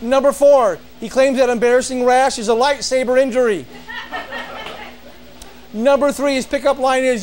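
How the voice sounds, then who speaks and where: A man's voice: very high-pitched, normal speed, noisy background. A man hosting a talk show, reading out a comic top-ten list and then introducing a guest, often laughing at his own jokes.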